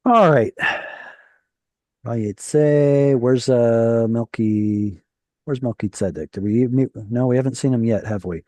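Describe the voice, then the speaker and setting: Male Hebrew tutor on a video call, patient explainer, mellow tone, dry sound. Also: mid-range voice, slow, dry recording. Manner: patient, explanatory, corrects pronunciation gently. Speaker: Hebrew teacher. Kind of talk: live online Hebrew reading class.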